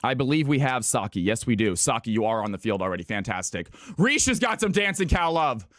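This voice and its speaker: A man's voice: medium pitch, big pitch swings, a little fast, fairly bright tone, dry recording, studio quality. A man hosting viewer games on a live stream, hyped and chatty, often repeating himself as he sorts players. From California. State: out of breath.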